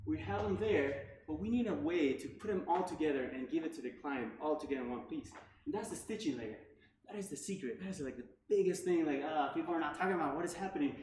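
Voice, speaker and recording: A man with a slightly high voice gives a relaxed tech talk at a meetup, leaning on filler words and asking the room "right?" often. The sound is echoey, as if recorded in a room, with faint noise underneath. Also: quick pace. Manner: casual, filler-heavy, frequent "like" and "right?". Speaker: meetup speaker.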